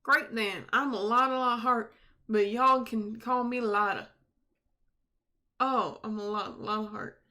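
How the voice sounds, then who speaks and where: A woman's voice: medium pitch, normal speed, pushed and bright, lightly acted. Lotta Hart, a drawling country gal as a woman puts her on. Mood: folksy. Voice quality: drawling rustic twang. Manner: folksy and boastful. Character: brash young country woman photographer.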